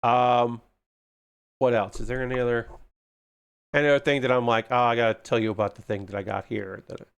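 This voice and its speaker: Male hobby streamer, casual and excitable, mutters to himself, swears a lot, ordinary mid-range voice. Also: medium pitch, fairly quick, creaky, pauses often, clean tone. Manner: excitable, gushing about kits. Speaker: livestreamer building model kits. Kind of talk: casual livestream chat.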